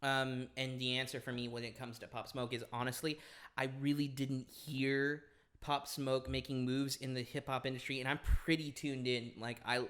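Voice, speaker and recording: A young man, a podcast guest, chatting casually, animated, laughing often and restarting his sentences with many ums. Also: mid-range voice, moderate pace. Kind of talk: casual chat.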